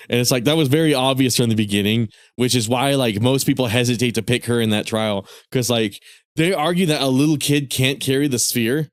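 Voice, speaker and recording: A man's voice: mid-range voice, a little fast, no room sound. A young man streaming a game, rambling through casual gameplay commentary in an irreverent, giggly way.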